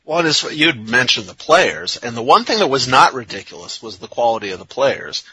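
A man co-hosting a soccer talk show, speaking in a rambling, halting, wry way with lots of restarts. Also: medium pitch, big pitch swings, bright, forceful tone, breathy edge, low-quality recording. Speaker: soccer podcast co-host. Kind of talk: casual sports talk.

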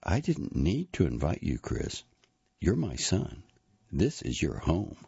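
A man reading an audiobook, voicing a tired, stubborn older mother who talks plainly and defends herself quietly. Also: rumbling low, huge pitch swings, slow, vocal fry, slightly rough, dry recording, muffled recording, heavily acted.

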